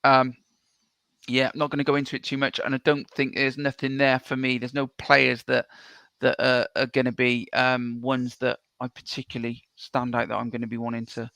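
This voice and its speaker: A man co-hosting a sports podcast in casual chat, rambling with many ums and restarts, blunt and quick to swear. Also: medium pitch, completely flat delivery, vocal fry, sharp tone, no room sound. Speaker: co-host.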